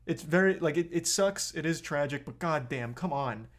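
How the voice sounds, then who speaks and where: A man reacting live to a video, talking bluntly and swearing freely. His voice sits a little high for a man, and his commentary runs casual and unscripted, turning heated at times. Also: moderate pace. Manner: blunt, profane, gets heated.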